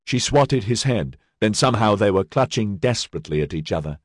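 A man narrating an audiobook in an expressive storytelling manner. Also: lowish voice, fairly quick, no room sound, studio quality.

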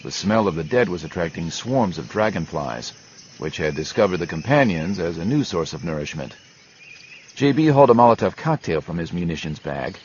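A man narrating a grim adventure novel in a steady storytelling manner. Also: low-pitched, highs cut off, a little hiss or hum. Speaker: audiobook narrator. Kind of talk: scripted narration.

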